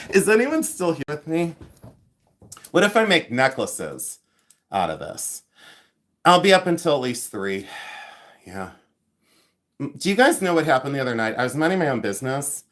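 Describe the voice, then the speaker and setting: A man's voice: on the high side, sing-song, normal speed, pauses often, fairly bright tone. A man in his fifties hosting a casual livestream from home, rambling, joking about himself and thanking viewers by name. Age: 50s. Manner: rambling and self-mocking, reads out viewer comments. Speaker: livestream host.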